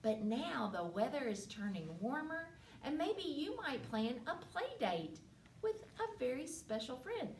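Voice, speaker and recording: A woman with a fairly high voice leads a storytime for little kids, slow and encouraging. She sounds set back from the mic in an echoey room with faint hiss behind her. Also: distant mic. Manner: gentle, encouraging, speaking to young children. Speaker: children's librarian. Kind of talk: children's storytime with a counting song.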